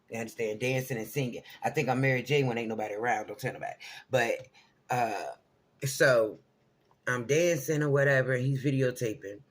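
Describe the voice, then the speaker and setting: A middle-aged man telling a personal story to camera in a casual, rambling way, often checking in with his listeners. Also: mid-range voice. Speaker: vlogger.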